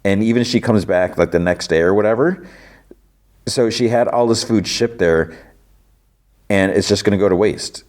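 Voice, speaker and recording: A man with a low voice talks through a TV episode on his podcast. He rambles casually, with plenty of fillers along the way. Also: normal speed, long pauses, darkish tone. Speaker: podcast host.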